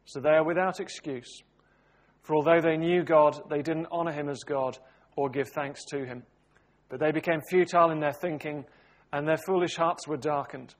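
A man leading a Bible study, praying and then reading scripture aloud in a measured, steady way. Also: on the high side. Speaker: preacher.

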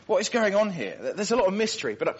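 Male preacher, husky and fairly high, earnest, doubles back on words, dull lo-fi recording. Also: very animated, rapid-fire. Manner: earnest, emphatic, repeats words as he builds points. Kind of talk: sermon.

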